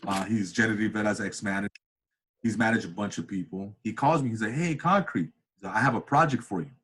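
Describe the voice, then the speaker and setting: This interview guest, a comedian and cinematographer in his thirties, has a husky voice and talks a little fast. Animated and casual, he tells a story while performing the people's voices with big pitch jumps.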